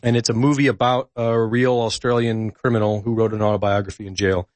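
A man in a casual podcast conversation who tells stories with animation and pauses on ums and uhs. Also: fairly low pitch, no room sound. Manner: animated storyteller, hesitant fillers. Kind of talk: casual political chat.

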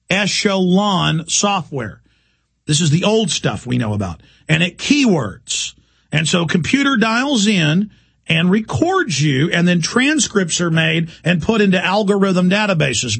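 Gravelly high-voiced ranting male host. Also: fairly bright tone. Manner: urgent, ranting delivery. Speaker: talk show host. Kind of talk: impassioned monologue.

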